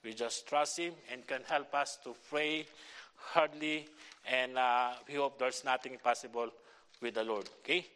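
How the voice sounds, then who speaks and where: Filipino-accented pastor, halting, bright voice. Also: male voice, mid-range voice, steady tone, smooth. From Philippines. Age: middle-aged. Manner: halting, many fillers and restarts. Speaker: visiting pastor. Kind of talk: church sermon and prayer request.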